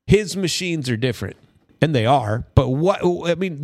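Gravelly, indignant male radio host. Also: on the high side, expressive, moderate pace, darkish tone, no room sound, clean studio sound. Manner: indignant, blunt, prone to cursing; frequent stammered restarts. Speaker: radio talk show host. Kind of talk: opinionated radio commentary.

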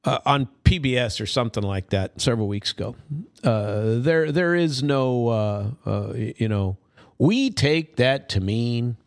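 Man, radio talk host, gravelly voice, dry close sound, blunt and indignant. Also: mid-range voice, lively intonation, measured pace, no echo. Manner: indignant, blunt, prone to cursing; frequent stammered restarts. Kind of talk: opinionated radio commentary.

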